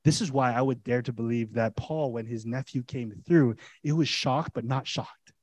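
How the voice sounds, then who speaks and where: Animated preaching man, dry close sound. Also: mid-range voice, moderate pace, dry recording. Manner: animated, conversational preaching with rhetorical questions. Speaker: pastor. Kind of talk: sermon.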